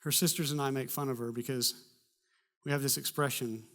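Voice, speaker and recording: A pastor preaching a sermon, telling a personal story in a conversational way with humor and animated bursts. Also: male voice, medium pitch, fairly quick. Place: church.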